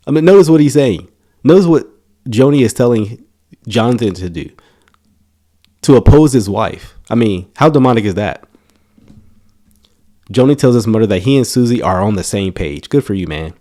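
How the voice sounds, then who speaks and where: Mellow-voiced man reading and commenting. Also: on the low side, expressive, moderate pace. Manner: casual, emphatic, stumbles and restarts words. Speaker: YouTube commentator. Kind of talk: reading an article aloud with commentary.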